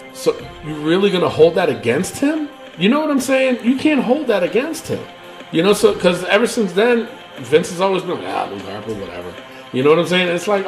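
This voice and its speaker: A man co-hosting a wrestling podcast, ranting casually with lots of fillers and profanity. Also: on the high side. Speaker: podcast co-host.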